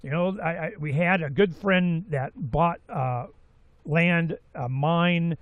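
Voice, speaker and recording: A man's voice: on the high side, slow, no echo, phone-quality sound. Rambling folksy man in his sixties. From Florida, USA. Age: 60s. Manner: rambling, folksy, animated asides. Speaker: host. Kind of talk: casual talk-radio monologue.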